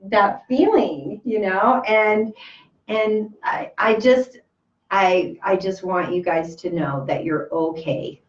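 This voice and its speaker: A woman of medium pitch talks slowly as co-host of a spiritual podcast, her tone gentle and comforting despite many restarts. The casual chat is recorded distantly, with a roomy, muffled quality.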